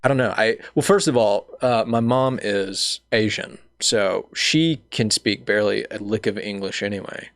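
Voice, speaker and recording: A young man from Alabama hosts a relaxed chat in a Southern accent, his low voice gravelly and creaky. He tells stories animatedly and acts out the people he quotes. The sound is dry and close, with no room echo. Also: normal speed, hardly any pauses. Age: young adult. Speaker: podcast host. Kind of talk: casual interview chat.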